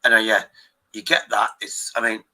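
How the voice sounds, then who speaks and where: A man hosts a live stream in loose, rambling chat. His voice is very bright and sits a little low, and he swears freely and trips over his own restarts. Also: level tone, brisk, low-quality recording. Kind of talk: rambling casual chat with viewers.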